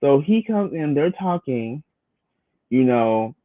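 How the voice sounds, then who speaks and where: A man's voice: mid-range voice, expressive, slow, dry recording. A man talks through a show recap in a loose, rambling way, dropping "you know" often. His voice comes through thin and tinny, like a phone line, with no room sound around it. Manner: loose and chatty, filler-heavy, acts out quotes. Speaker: podcast co-host recapping a reality show. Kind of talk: casual commentary recap.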